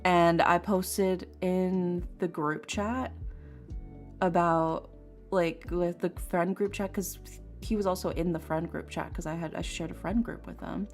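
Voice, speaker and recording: A woman's voice: on the low side, steady tone, a little slow. A young woman streamer chatting casually, talking frankly and swearing as she vents about a painful personal story. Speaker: tarot streamer. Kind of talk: casual chat. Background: faint lofi music.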